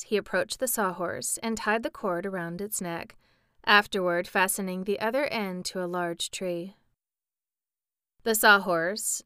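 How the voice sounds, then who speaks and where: A woman reading a children's book aloud in a calm, measured way. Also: medium pitch, smooth, no room sound, studio quality. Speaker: storyteller.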